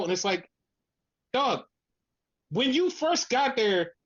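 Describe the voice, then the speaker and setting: Slow-paced and thoroughly exasperated, a podcast co-host vents in casual conversation, cursing nonstop and imitating people in a deeper voice. The audio sounds dull.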